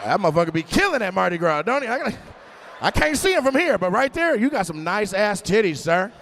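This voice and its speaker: Brash high-voiced comedian doing crowd work. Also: male voice, big pitch swings, fast, creaky, a little hiss or hum. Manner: brash, profane, teasing, loud bursts. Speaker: stand-up comedian. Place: live comedy venue with audience.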